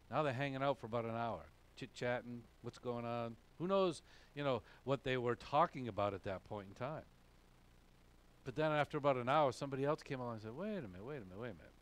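A pastor from New England preaches in a thick Boston accent. His delivery is casual and conversational, sprinkled with "okay?" asides. His pitch swings lively up and down through the sermon. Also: normal speed. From New England, USA.

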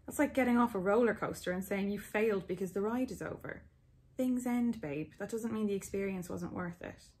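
A woman's voice: mid-range voice, brisk, darkish tone, lightly acted. A woman putting on a blunt, sweary best friend. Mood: comforting. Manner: frank, sweary, reassuring.

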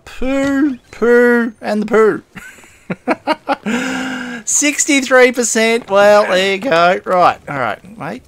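A man with a slightly high, gravelly voice talks his way through a survival game. He rambles, mutters to himself and chuckles as he goes, in the easy style of a let's-play host. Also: fairly bright tone. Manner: rambling, self-talking, chuckles often. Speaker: gaming host. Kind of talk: casual let's-play commentary.

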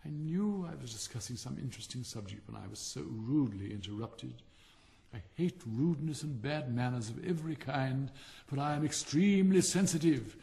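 A man's voice: mid-range voice, vocal fry, warm tone, long reverb tail. A man voicing a vain, touchy male firework rocket in a haughty, theatrical manner for a storybook. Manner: haughty, self-important, theatrical.

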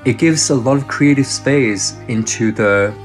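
A man working as a cinematographer, speaking English as a second language in a thoughtful, measured way. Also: medium pitch, soft background music. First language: not English.

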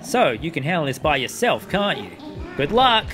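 A man's voice: fairly high pitch, big pitch swings, normal speed, fairly bright tone, slight background noise. A man voicing a mischievous female imp sidekick who talks in a smug, teasing way. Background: game music.

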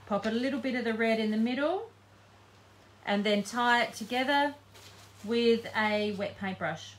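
Chatty woman, slightly high voice. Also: expressive, measured pace, pauses often, slight background noise. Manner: chatty, thinking aloud while working, frequent ums. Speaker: craft demonstrator. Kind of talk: live-stream painting tutorial.

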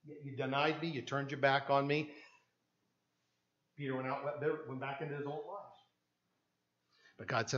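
A man preaching a sermon as pastor with a Canadian English accent, moving from hushed tones to loud emphatic passages and acting out the voices in his stories. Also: medium pitch, steady tone, normal speed, pauses often, muffled recording.

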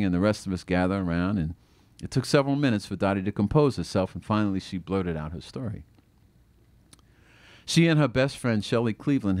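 Author reading his book aloud, low voice, dry close sound, animated storytelling. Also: no room sound. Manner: expressive, acting out the quoted voices. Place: bookstore reading event.

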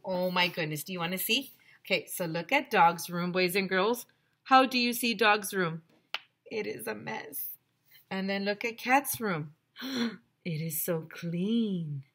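A woman teacher reading a picture book aloud to children, expressive and gasping with excitement, with chatty asides to the class. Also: on the low side.

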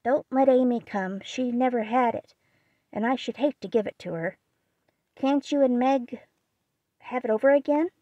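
A gentle, shy young girl, as a woman reads her, soft and earnest in manner. Her voice sits high, heard in a dry, close audiobook reading. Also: moderate pace, no room sound, lo-fi sound, natural voice. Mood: sad.

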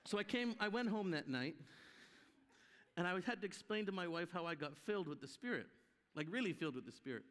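A man's voice: high voice, fairly quick. A man preaching a sermon at a conference, telling stories and acting out the voices in them. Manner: animated, acts out voices in his stories. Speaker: guest preacher. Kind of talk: sermon with storytelling. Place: church hall. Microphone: live stream sound. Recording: long hall reverb.

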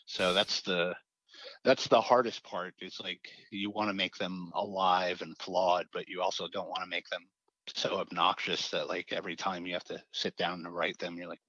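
A man with a fairly low voice talks about his craft in a relaxed interview. He rambles, hedges, and restarts his sentences often. The sound is dry and a bit muffled. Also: moderate pace, dry recording. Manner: rambling, hesitant, many fillers and restarts. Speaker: comic writer guest. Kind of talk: casual interview.

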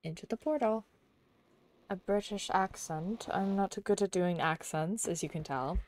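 Young woman, game streamer, casual chat, middling pitch, giggly, murmurs to herself. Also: unhurried. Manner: chatty and giggly, often murmuring quietly to herself.

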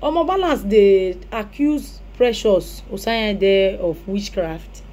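Scolding Nigerian woman with a mellow voice. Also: medium pitch, lively intonation, takes it slowly. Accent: Nigerian Pidgin English. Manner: scolding, advising in Nigerian Pidgin. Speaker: commentator. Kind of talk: commentary reacting to a clip.

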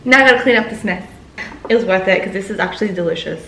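A woman's voice: medium pitch, fast talker, gravelly, fairly bright tone, a little hiss or hum. A young woman vlogging at home in her kitchen, talking candidly and giggling between thoughts. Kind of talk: casual vlog chat. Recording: echoey room.

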